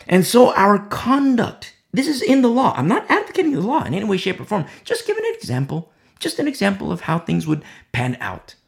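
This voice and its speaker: A man delivers an informal Bible teaching with a gravelly edge to his slightly high voice. His pitch swings widely as he drops into the voices of the people in his story. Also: fairly quick. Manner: acts out voices of imagined onlookers in a lively storytelling way. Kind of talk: informal sermon.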